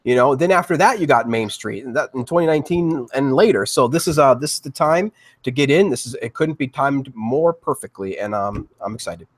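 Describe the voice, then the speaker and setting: A man's voice: medium pitch, lively intonation, fairly quick. A man talking eagerly on a live panel show, with frequent restarts and repeated words. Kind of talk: casual crypto panel talk.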